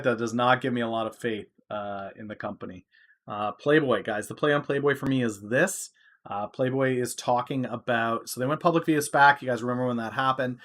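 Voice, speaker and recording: A man hosting a stock market podcast, talking casually in a loose, filler-heavy way that gets loud when he is excited. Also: mid-range voice, a little fast.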